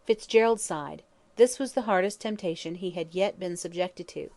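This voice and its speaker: A woman narrating a classic mystery novel in measured, expressive storytelling. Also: on the low side. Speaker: audiobook narrator. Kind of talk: scripted narration.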